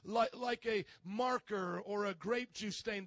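A man preaching a sermon, slow and emphatic, building to shouts. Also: high-pitched, no echo.

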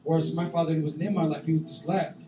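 A man preaching a sermon as a youth pastor, animated, bursting into loud acted-out voices. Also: a little high, fairly quick, highs cut off, noisy background. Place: church sanctuary. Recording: echoey room, voice from far off the mic.

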